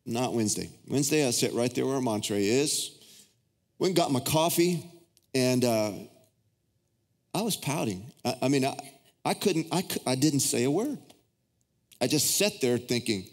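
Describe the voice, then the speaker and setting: A middle-aged man, a pastor preaching a sermon who tells personal stories and leaps into high, excited voices when acting out his prayers. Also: normal speed, pauses often. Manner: storytelling, swings into high excited acted-out prayers. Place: large church auditorium. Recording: reverberant hall.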